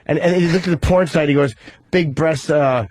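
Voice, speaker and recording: A man's voice: fairly high pitch, fast, a little mellow. A man co-hosting a radio talk show, telling stories in a crude, casual way. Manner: crude, laughing, storytelling. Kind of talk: casual chat.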